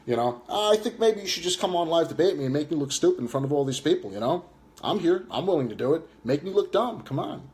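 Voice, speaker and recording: A man's voice: fairly high pitch, expressive, fast talker, darkish tone. A man livestreaming a combative rant, reading chat aloud and taunting viewers, swearing and jeering as he goes. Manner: swears and jeers.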